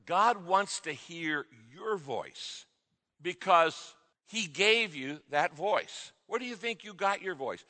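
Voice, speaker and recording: A middle-aged male pastor delivering an emphatic sermon, with sudden shouted exclamations, in a large church hall. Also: high voice, expressive, takes it slowly. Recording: reverberant hall sound.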